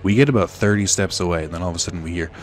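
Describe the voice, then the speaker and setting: A man's voice: deep voice, rapid-fire, soft background music. A young man telling a rambling, sardonic story while playing a video game, full of fillers. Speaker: let's play host. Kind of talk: casual storytelling while gaming.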